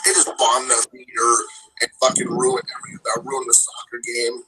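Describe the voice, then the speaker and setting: Ranting man with a bright, hard edge. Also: medium pitch, monotone, moderate pace, husky, rough recording. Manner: rambling profane rant.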